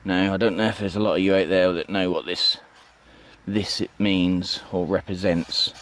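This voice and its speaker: An allotment vlogger walks and talks outdoors, showing his plot in a chatty, rambling way with many ums, asides and "you know what I mean." His low voice is steady and a bit bright, at normal speed.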